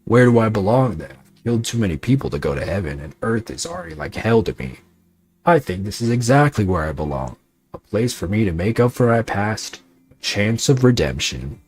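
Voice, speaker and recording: A man's voice: on the low side, big pitch swings, brisk, a little mellow, a little hiss or hum. Man reading as brooding soldier ghost. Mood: tender.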